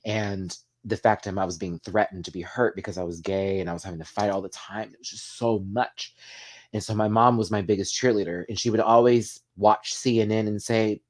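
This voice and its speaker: A man hosts a casual live chat, choked up and emotional. His voice sits a little low, and he talks in an open, heartfelt way, swearing freely as he reads comments. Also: steady tone, brisk. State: tearful, emotional. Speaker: livestream host.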